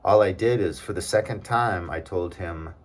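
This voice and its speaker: A man's voice: sits low, normal speed. A man vlogging in a casual, rambling monologue, talking in an aggrieved tone with many fillers and asides.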